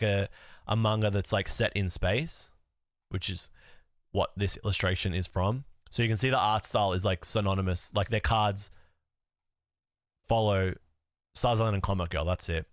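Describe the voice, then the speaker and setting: Low-voiced young man chatting on stream. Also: dry recording, studio quality. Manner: rambling, many fillers, swears casually. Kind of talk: casual live-stream chat.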